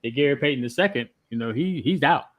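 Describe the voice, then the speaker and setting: Calm man in a casual sports chat. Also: mid-range voice, fast. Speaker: podcast co-host.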